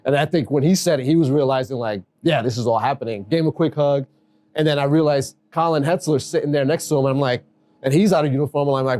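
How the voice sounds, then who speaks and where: A man being interviewed on a podcast, telling a story in a loose, casual way. He keeps slipping into the voices of the people he quotes, which gives his telling an animated feel. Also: mid-range voice, fast. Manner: animated, acts out quoted dialogue. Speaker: guest, acting baseball manager.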